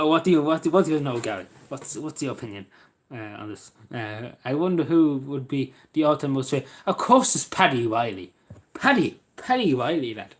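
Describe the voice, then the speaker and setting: A young man with an Irish accent, talking casually to his live-stream viewers at a mid pitch. He rambles from one thought to the next, stumbles over restarts and speaks to viewers by name. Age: young adult. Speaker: live streamer reading chat.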